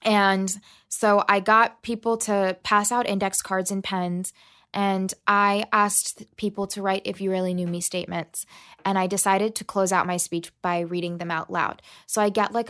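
A woman, a podcast guest, telling a personal story in an interview, animated and full of "like" fillers. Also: medium pitch, normal speed.

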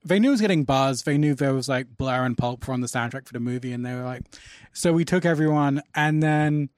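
A man in his forties hosting a podcast, telling lively anecdotes with casual swearing. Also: medium pitch, brisk, no echo, clean studio sound. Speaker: podcast host. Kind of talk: casual chat, storytelling.

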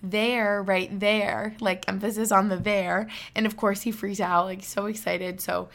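A woman hosting a podcast in casual chat, bubbly and fast-talking, laughing often and a bit out of breath. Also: mid-range voice, little pitch movement, vocal fry, a bit bright. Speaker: podcast host.

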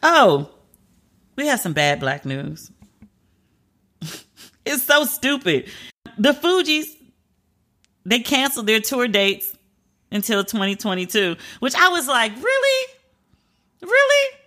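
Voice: medium pitch, big pitch swings, slow pace, pauses often, sharp tone. A commentator reading entertainment news aloud in a casual, chatty way and reacting openly between the items.

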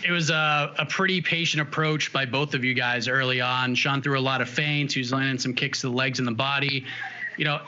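A man interviewing a fighter after a bout, asking long, measured questions. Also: mid-range voice, fairly even intonation. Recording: dull audio with loud background noise.

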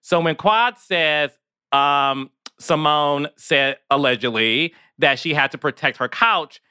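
A man's voice: on the high side, slow, pushed and bright, clear, resonant tone, no room sound, clean studio sound. A man hosting a podcast, explaining things to his listeners. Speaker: podcast host, TV executive. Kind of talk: podcast interview commentary.

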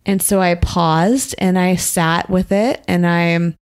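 Reflective low-voiced woman YouTuber. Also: steady tone, clear, resonant tone. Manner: reflective, measured, frank. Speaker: YouTuber and guest. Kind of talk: casual interview.

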